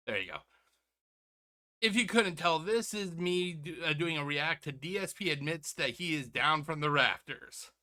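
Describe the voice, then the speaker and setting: A man hosts a reaction video with sarcastic, rambling commentary, stumbling over restarts and calling his viewers "ladies and gentlemen." His voice sits a little high for a man, with a bright, forceful edge. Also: expressive, normal speed. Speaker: reaction channel host. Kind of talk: casual commentary.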